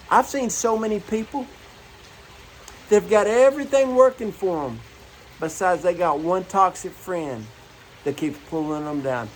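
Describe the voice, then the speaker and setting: A male preacher giving a morning devotional, speaking earnestly and pressing his main point through repetition. His voice sits a little high for a man, and he weaves personal stories into the message. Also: animated, a little slow, slight background noise, low-quality recording. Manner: earnest, repeats key phrases, tells personal stories.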